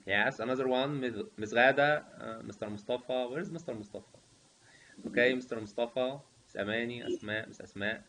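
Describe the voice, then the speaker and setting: A man teaching pronunciation over a video call, slowly repeating prompts and coaxing participants to answer. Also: mid-range voice, a bit bright. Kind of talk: online teacher training session. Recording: dull lo-fi audio with faint hiss.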